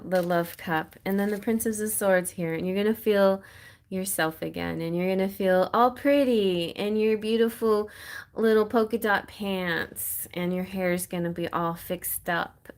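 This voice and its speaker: A woman giving a live-stream tarot reading in a chatty, encouraging way, laughing often. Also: fairly low pitch. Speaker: tarot reader.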